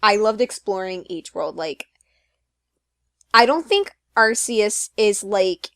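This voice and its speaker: A woman's voice: mid-range voice, expressive, slow pace, no echo, clean studio sound. A woman co-hosting a podcast, chatting casually and upbeat with lots of fillers. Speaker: podcast co-host. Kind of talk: casual chat.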